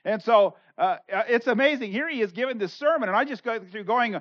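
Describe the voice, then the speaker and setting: A pastor works through a scripture passage verse by verse and puts each line into everyday words. The delivery is animated, and when the pastor acts out a quoted speaker, the voice jumps in pitch and loudness. The sound is dull and lo-fi, with a dry, close feel. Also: fairly quick, few pauses, dry recording. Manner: conversational, paraphrases in everyday words. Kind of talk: expository sermon, reading and explaining scripture.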